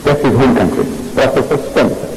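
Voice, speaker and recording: A man's voice: mid-range voice, lively intonation, fairly quick, loud music behind the voice, low-quality recording. Emphatic man lecturing. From South Africa. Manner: emphatic, repeats phrases, tells stories with quoted dialogue. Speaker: Islamic lecturer. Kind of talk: public lecture with audience questions.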